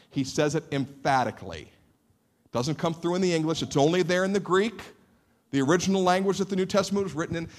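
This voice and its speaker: A man preaching a sermon with animated emphasis and frequent repeated words. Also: sits high. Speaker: pastor.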